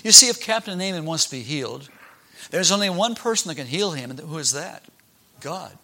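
A man's voice: fairly high pitch, a little fast, gravelly. A man telling a Bible story to children, asking them questions and acting out the characters. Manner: animated, asks the children questions and acts out the characters.

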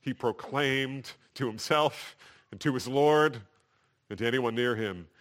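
A male pastor delivering a sermon in a mid-pitched voice. He preaches with emphasis, slowing down and building volume on the lines he wants to land. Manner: emphatic preaching, swelling louder and slower on key phrases.

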